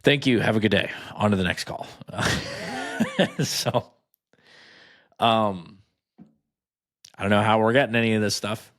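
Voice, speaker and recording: A podcast host with a fairly bright voice on the low side speaks at a measured pace and pauses often. He reads items aloud and pokes fun at them with sarcastic asides in casual commentary.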